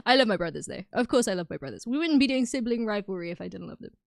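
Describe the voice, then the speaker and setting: A woman's voice: mid-range voice, very animated, racing, creaky, no room sound, studio quality. A young woman streaming, chatting casually with her viewers, bubbly and giggly, often breaking into laughter. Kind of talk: casual chat with live chat.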